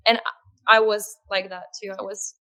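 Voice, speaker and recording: A woman speaking as a podcast guest in an earnest, conversational way, with soft laughs and fillers. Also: medium pitch, little pitch movement, normal speed. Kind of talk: conversational interview.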